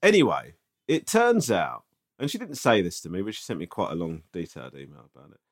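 A man's voice: low-pitched, fairly quick. A man, co-hosting a podcast and telling a story in casual, swearing chat, often checking with "right?". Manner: animated, swearing, tag questions. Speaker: podcast co-host.

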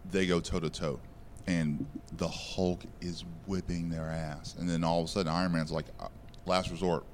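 A man's voice: deep voice, flat delivery, normal speed, a little mellow, a little hiss or hum. A man co-hosting a podcast, recapping a comic in casual chat with many fillers and restarts. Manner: rambling, filler-heavy recapping. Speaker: podcast co-host.

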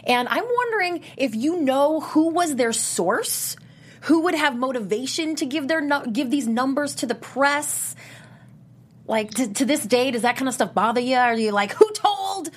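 A woman's voice: high voice, expressive, moderate pace. A woman hosting a podcast, chatting in an upbeat, teasing way and introducing a guest. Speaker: podcast host. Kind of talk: casual podcast chat.

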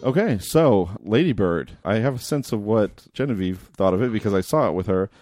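A man hosting a film podcast, reading a measured, articulate introduction, then leading a casual talk. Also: lowish voice, lively intonation, a little mellow, no room sound, soft background music. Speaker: podcast host.

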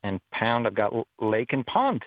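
A man's voice: fairly low pitch, big pitch swings, normal speed, dry recording. A man playing a radio word puzzle by phone, thinking aloud and hesitating over answers. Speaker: listener contestant. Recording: tinny phone line.

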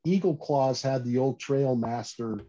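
A man telling stories about fishing rods in a casual interview, animated and full of restarts and "you know". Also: medium pitch, a little slow. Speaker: fishing gear company guest. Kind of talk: casual podcast interview storytelling. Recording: slightly dull lo-fi audio.

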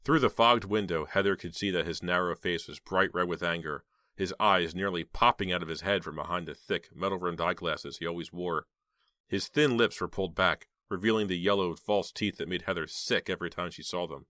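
With a low voice and an even, measured storytelling manner, a man reads an audiobook. The sound is clean studio audio with no room tone.

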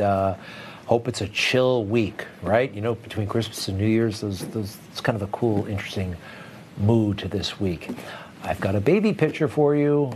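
A man's voice: fairly low pitch, a little hiss or hum. A man hosting a TV news show, interviewing a guest in a casual, chatty way and laughing easily. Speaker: TV news host.

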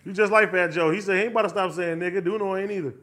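A man's voice: sits high, fairly even intonation, racing, pushed and bright. A man chatting casually as a podcast guest, laid-back, often tagging lines with "you know what I'm saying". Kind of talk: casual chat.

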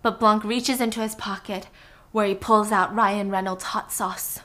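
A woman retelling a movie plot in a casual, animated way. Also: mid-range voice, brisk. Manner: animated storytelling. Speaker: podcast host.

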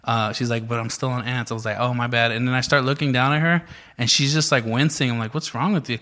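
A man's voice: medium pitch, fast. A man in casual chat, telling a story with lots of swearing and acting out quotes. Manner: profane, animated storytelling, acts out quotes.

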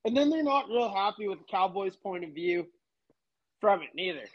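A man's voice: high voice, expressive, moderate pace, dull audio. A man telling a work story in casual chat, laid-back, swearing freely. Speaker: podcast guest.

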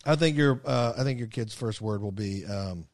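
A middle-aged man co-hosting a podcast, chatting casually with dry, wry humor and soft asides. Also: on the low side, normal speed, dry recording. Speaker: podcast co-host. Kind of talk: casual chat.

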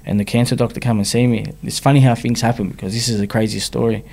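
A man with a mid-range, slightly mellow voice, vocal fry and little pitch movement talks fast as an interview guest. He's a rapper from Sydney, Australia, frankly sharing his personal story in slangy speech that keeps checking in with "you know what I mean."

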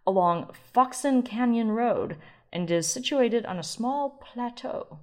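A woman's voice: mid-range voice, animated, unhurried, darkish tone. A woman hosting a wine podcast on her own, talking in a chatty, rambling, self-deprecating way while reading notes aloud. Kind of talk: casual solo podcast chat.

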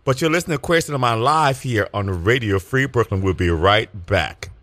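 A man hosting a radio talk show, telling stories in a lively, joking way and putting on voices for the people in them. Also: mid-range voice, moderate pace. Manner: animated storytelling, acts out voices. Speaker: radio host. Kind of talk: casual comic chat.

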